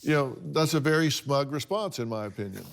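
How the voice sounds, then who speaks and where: A man's voice: medium pitch, animated, a little fast. A man hosting a talk show, counseling a guest in a blunt, emphatic, lecturing way. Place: TV studio with audience.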